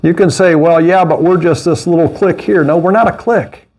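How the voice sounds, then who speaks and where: Man, pastor, sermon, high voice, animated, scoffing asides. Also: brisk, breathy edge. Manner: animated preaching with mocking asides and laughs.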